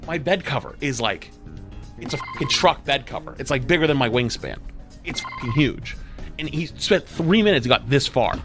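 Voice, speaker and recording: Guy streamer ranting thru a story, swoopy pitch, sharp bright tone, soft music behind. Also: normal speed. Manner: animated, profane, exasperated retelling. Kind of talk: casual storytelling.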